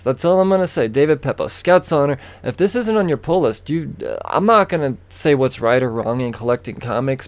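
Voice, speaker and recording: A man hosting a casual solo podcast, rambling and chatty, repeating himself and breaking off into asides. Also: mid-range voice. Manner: rambling, chatty, self-interrupting with fillers and repeats. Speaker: podcast host. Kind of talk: casual solo comic book chat.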